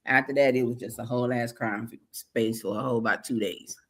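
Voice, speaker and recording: A woman's voice: very deep voice, steady tone, fast. A woman telling a personal story openly in a casual podcast chat.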